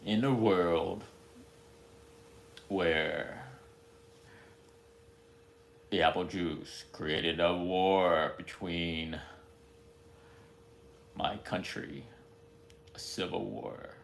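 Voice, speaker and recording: A man putting on the voice of a dramatic movie trailer announcer, speaking slowly and ominously. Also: deep voice, vocal fry, a little hiss or hum, heavily acted. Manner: slow, drawn-out, ominous delivery. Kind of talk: mock movie trailer narration.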